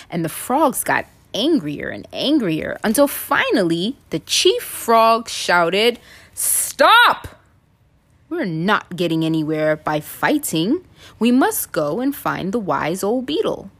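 A woman in her thirties reading a children's picture book aloud, playful and expressive, acting out the animals' voices. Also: medium pitch, slow. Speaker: storytime reader, mom. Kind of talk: children's storybook read-aloud.

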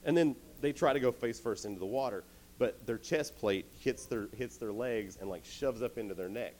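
A man's voice: medium pitch, normal speed, a little mellow, slight background noise. A young man giving a youth sermon, telling a story playfully and speaking directly to the crowd.

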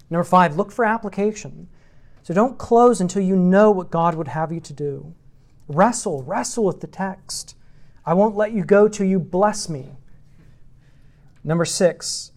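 A man teaching a church class on meditating on scripture, working through numbered points and repeating rhetorical questions. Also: sits high. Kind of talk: teaching sermon.

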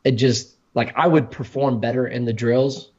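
A man's voice: medium pitch, steady tone, moderate pace, darkish tone. Man, casual podcast storyteller, rambling with restarts, slightly dull lo-fi sound. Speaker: podcast co-host, former college football player.

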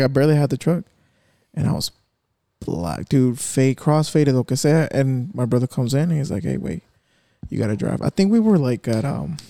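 A man's voice: medium pitch, mellow, no room sound. A young man telling a rambling, profane story among friends at home, slipping in Spanish phrases. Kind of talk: casual chat among friends.

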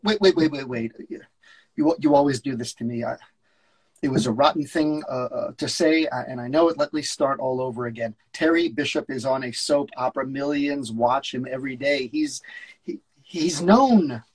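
A man's voice: medium pitch, normal speed, slightly rough, natural voice. A man reading the part of a curmudgeonly older talent agent in a script read-through, flustered, stammering and sarcastic. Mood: exasperated.

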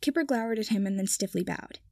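A woman reading fiction aloud in calm, even narration. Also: medium pitch, moderate pace, no echo, studio quality. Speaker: audiobook reader.

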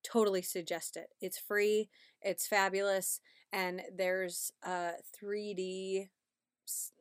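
A woman's voice: mid-range voice, level tone, takes it slowly, smooth, no room sound, clean studio sound. A pregnant woman in her thirties hosting a casual parenting podcast, chatty and upbeat, often checking in with "right?". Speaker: podcast host.

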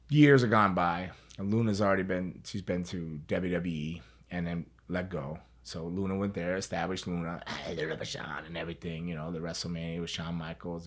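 A man telling a story as an interview guest, in a casual, rambling way, repeating words and swearing freely. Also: low voice.

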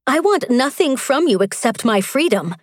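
A woman voicing a fierce young noblewoman bride in an audiobook, sharp and defiant. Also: mid-range voice, unhurried, no room sound, clean studio sound, lightly acted. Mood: heated. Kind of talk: audiobook character voice.

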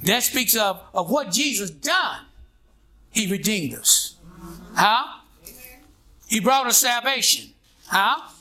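This high-voiced male pastor swings his pitch widely, talks slowly with long pauses, and has a sharp edge. He preaches call-and-response style, pressing listeners with "huh?" and "what?" and waiting for them to respond.

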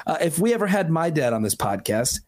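A man's voice: fairly high pitch, sing-song, fairly quick, darkish tone. A man co-hosting a podcast in casual chat, rambling and earnest with lots of restarts. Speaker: podcast co-host.

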